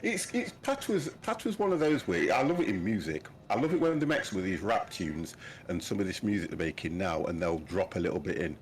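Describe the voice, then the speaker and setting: A man's voice: low voice, sing-song, fairly quick. A man in his fifties hosting a livestream, chatting casually and laughing often as he sets up a flight game. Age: 50s. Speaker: livestream host. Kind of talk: casual chat while gaming.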